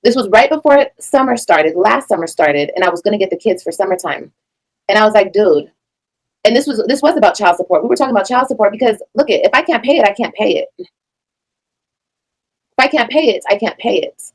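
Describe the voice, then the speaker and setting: Quick blunt woman streamer, swearing a lot, heated reaction talk. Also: medium pitch, lively intonation, poor audio. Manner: blunt, profane and emphatic.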